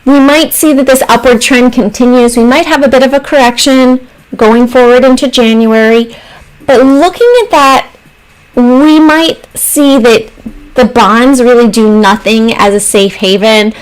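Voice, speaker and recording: A woman with a fairly high, steady, smooth voice hosts a casual stock trading livestream on a rough recording. She walks through charts and answers chat messages while thinking aloud, pausing and letting phrases trail off.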